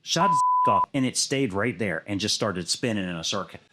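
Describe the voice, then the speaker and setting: Heavy background noise surrounds this lowish male voice, moving at a moderate pace. He's telling a long, casual hunting story, animated and swearing frequently as he acts out other people's dialogue.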